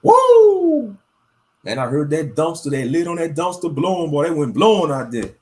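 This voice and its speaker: A man's voice: fairly high pitch, brisk. Laid-back man, rambling talk. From Louisiana, US South. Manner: relaxed, drawling, repeats phrases, laughs often. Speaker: commentator. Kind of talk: casual rambling monologue.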